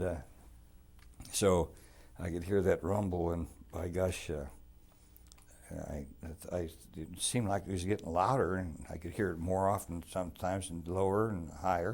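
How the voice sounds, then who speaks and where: A man's voice: deep voice, darkish tone. An older man telling his wartime memories in a rambling, folksy oral-history interview. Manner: rambling, folksy storytelling with restarts and plain grammar. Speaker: veteran telling war memories.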